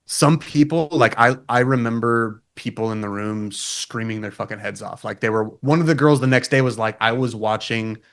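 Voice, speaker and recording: A man, a podcast guest and metal guitarist, telling a long personal story in a casual, animated way, swearing a lot and filling his talk with "like". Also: medium pitch, normal speed, few pauses. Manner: swears often, frequent "like" fillers.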